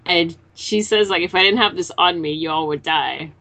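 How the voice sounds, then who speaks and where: A woman's voice: on the low side, normal speed, bright, forceful tone. A woman in a casual podcast chat, recapping a manga chapter and acting out the characters' lines as she swears casually. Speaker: podcast co-host.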